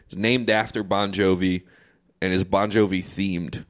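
A young man in casual group banter, telling excited stories and swearing casually. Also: deep voice, unhurried.

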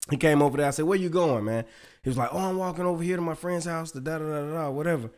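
Middle-aged male co-host, slightly high voice, animated storyteller who laughs and curses a lot. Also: quick pace. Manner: animated storyteller, laughs often, swears freely. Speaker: podcast co-host. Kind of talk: casual chat.

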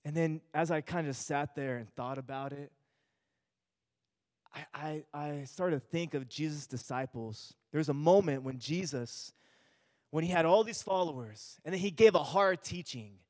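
A man's voice: fairly high pitch, moderate pace, darkish tone, in a large hall. A male pastor giving an earnest sermon, repeating himself and restarting phrases as he speaks.

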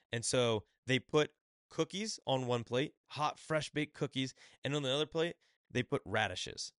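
A man's voice: mid-range voice, fairly bright tone, dry recording. Rambling man on a dry solo podcast. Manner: rambling, acts out quotes in quick asides. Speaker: podcast host. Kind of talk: casual solo book review.

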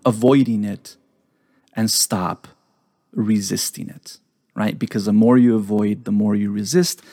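Guy with a gravelly voice doing a chill psych talk, dry close mic, keeps saying right?. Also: lowish voice, a little mellow, dry recording. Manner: explains slowly, repeats key phrases, tags lines with "right?". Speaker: podcast host, psychologist. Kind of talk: relaxed teaching talk.

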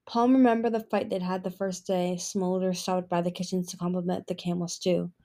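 A woman reading a fantasy novel aloud in an expressive storytelling manner. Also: mid-range voice. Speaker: fan audiobook reader.

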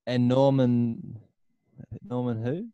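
A man's voice: medium pitch, fairly even intonation, slow pace, warm tone, clean tone, no room sound, muffled recording. A man co-hosting a podcast in casual chat, chiming in with teasing interjections.

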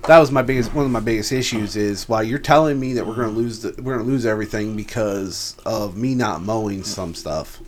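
A man's voice: fairly low pitch, a little fast, hardly any pauses. A man co-hosting a podcast, talking casually and bluntly, heavy on swearing as he vents about his job. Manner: blunt and profane, venting about work. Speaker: podcast co-host. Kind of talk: casual chat.

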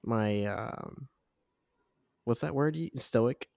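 A man's voice: medium pitch, drawn-out words, creaky, a little mellow, dry recording, clean studio sound. A young man co-hosting a casual podcast, talking in a laid-back, rambling, profane way. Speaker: podcast co-host.

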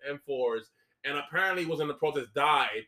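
A man's voice: on the high side, expressive, fairly quick, pushed and bright. A man co-hosting a casual podcast, telling absurd joking stories with lots of swearing. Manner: joking storyteller, absurd asides, profane. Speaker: podcast co-host. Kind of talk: casual chat.

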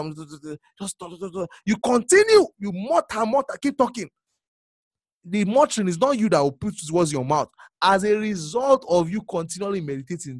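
A male preacher giving a sermon, repeating phrases and swinging from hushed murmurs to sudden loud exclamations. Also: high voice, dry recording, clean studio sound.

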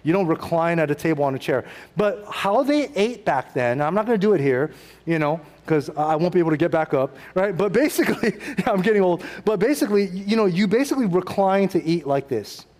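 A man's voice: sits high, animated, fairly quick, a little mellow, in a large hall. A middle-aged man preaching a sermon in a casual, conversational way, acting out quotes and adding asides. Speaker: pastor.

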